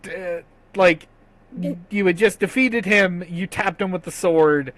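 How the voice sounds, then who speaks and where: A man narrating a tabletop game as game master, softly and slowly, with quick chatty asides. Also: sits high, no room sound, poor audio.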